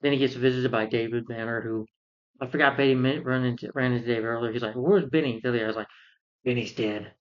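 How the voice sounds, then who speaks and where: A man's voice: medium pitch, flat delivery, fast talker, lo-fi sound. A man rambling through an exasperated movie review rant, full of fillers and restarts.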